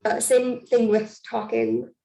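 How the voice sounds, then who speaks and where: A woman's voice: a little high, level tone, slow, creaky, mellow. A woman teaching sign language, patiently explaining how signs are used. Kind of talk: explaining in an online class. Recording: roomy, distant from the mic.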